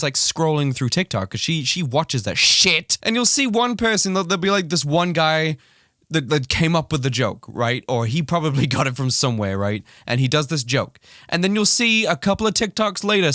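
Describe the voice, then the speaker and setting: Animated, ranting man with lively pitch. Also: no echo, clean studio sound. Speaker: YouTuber. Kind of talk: reaction vlog ranting.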